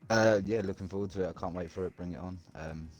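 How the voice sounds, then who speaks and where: A man interviewed after a sim race, rambling and excitable, with halting restarts. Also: low voice, faint music behind. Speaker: sim racing driver being interviewed. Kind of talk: casual post-race chat.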